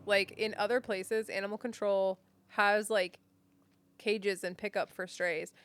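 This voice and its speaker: Smooth-voiced American woman, low-key explaining. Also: steady tone, unhurried, no room sound. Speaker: podcast co-host. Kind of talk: casual chat.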